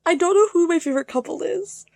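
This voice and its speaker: A young woman vlogging about her reading, her high voice bouncing between quiet musing and excited bursts, with plenty of fillers. The sound is dry and close, with no room around it. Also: quick pace, gravelly, no echo. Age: young adult. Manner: chatty, excitable, filler-heavy, swings between hushed and loud. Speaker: book vlogger. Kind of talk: casual reading vlog chat.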